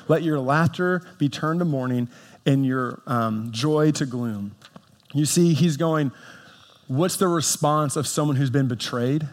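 Male pastor, casual sermon delivery, higher-pitched voice, long reverb of a church hall. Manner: conversational preaching with asides and scripture reading. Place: church sanctuary.

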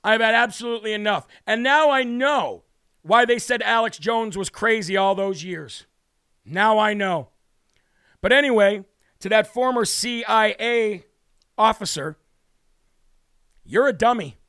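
Brash male talk host, high-pitched and close-miked, worked-up combative monologue. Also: measured pace, pauses often, fairly bright tone, clear, resonant tone, dry recording. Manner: brash, combative, repetitive declarations. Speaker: political talk show host. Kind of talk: heated political commentary monologue.

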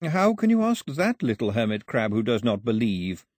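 A man voicing a shadowy death god who speaks slowly and mockingly. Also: medium pitch, big pitch swings, a little mellow, no room sound, studio quality.

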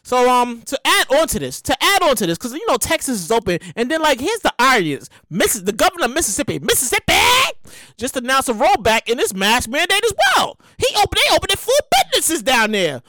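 A woman with a New York accent hosting a casual commentary show, animated and emphatic, slangy, repeating her points. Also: high-pitched, quick pace, no room sound. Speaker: show host.

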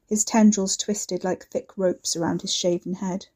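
Mellow-voiced woman narrating a story. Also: medium pitch, flat delivery, measured pace. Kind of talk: serial audiobook narration.

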